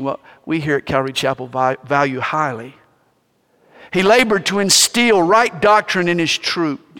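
Man, pastor, sermon, high voice, lively storytelling, long hall reverb. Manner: animated storytelling preacher.

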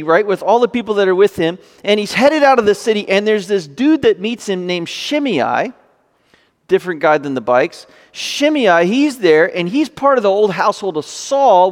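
Male pastor, high voice, conversational sermon delivery with scripture reading, reverberant hall. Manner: conversational preaching, reads scripture then paraphrases.

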